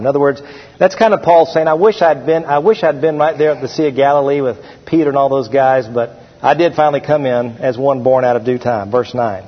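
Husky-voiced preaching pastor in a hall. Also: male voice, mid-range voice. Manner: preaching with slowed, emphatic scripture reading. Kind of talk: sermon. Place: church sanctuary. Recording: dull, hall-echoed church recording.

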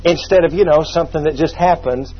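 A man's voice: fairly high pitch, a little fast, breathy edge. A man preaching a sermon, teaching from the Bible in a folksy, humorous way with asides. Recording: muffled lo-fi sermon recording.

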